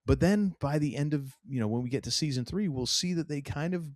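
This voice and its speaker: A man's voice: on the high side, brisk, darkish tone, no room sound, studio quality. A man co-hosting a podcast, chatting casually and enthusiastically about a TV show, acting out quotes and laughing often. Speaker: podcast co-host. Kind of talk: casual TV recap chat.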